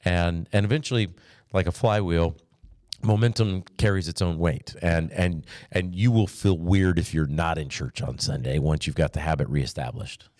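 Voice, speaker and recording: Male pastor, very low voice, relaxed conversational teaching, dry close mic. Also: normal speed, dry recording. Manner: relaxed, chatty, with restarts and light humor.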